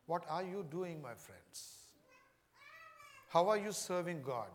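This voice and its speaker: Guy preaching, high voice, echoey hall, keeps repeating questions. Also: sing-song, slow, pauses often. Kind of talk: sermon.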